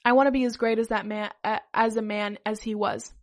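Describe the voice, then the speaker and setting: A woman voicing a brash, dim-witted man who gushes and shouts in a comic story read-aloud. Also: sits high, level tone, brisk, close to an everyday voice. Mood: smug.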